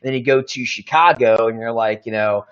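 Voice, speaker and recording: A man's voice: medium pitch, fairly quick, a bit bright, clear, resonant tone. Rambling male podcast host, muffled sound. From Tampa, Florida area. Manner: rambling storyteller, hedging with "I believe" and "uh". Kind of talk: casual chat.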